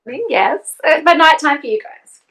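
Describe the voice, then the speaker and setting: A woman speaks as a podcast guest in an animated, giggly way. Her voice is high, and her pitch swings widely as she talks. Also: moderate pace, crowd noise. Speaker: guest, coming-out coach. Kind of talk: casual interview chat.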